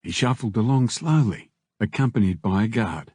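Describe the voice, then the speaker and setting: A man reading an audiobook in steady scripted narration on a close mic. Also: on the low side, normal speed, slightly rough, dry recording.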